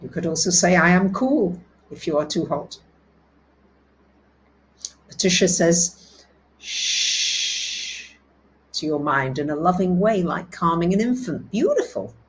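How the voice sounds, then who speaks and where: A woman hosting a live astrology talk, speaking, reading out viewers' comments and dropping soft and low for calm affirmations. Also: a little slow, long pauses, slight background noise, low-quality recording. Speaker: astrology host.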